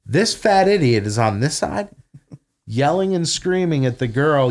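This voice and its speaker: A man's voice: medium pitch, a little slow. Profane man telling a story. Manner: profane, animated retelling with quoted dialogue. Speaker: podcast guest. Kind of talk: casual storytelling. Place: home podcast room.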